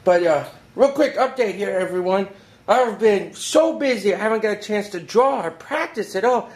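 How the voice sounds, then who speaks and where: A man hosting a drawing tutorial from home, talking in an excitable, rambling, hyper way. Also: sits high, moderate pace. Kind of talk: casual drawing lesson. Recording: echoey room.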